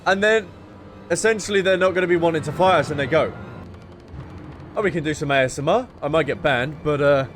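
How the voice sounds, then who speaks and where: A young man casually commenting on a game he is playing, joking and excitable. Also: a little high, fairly quick, long pauses. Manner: jokey, excitable, laughing asides. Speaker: streamer. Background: faint game music.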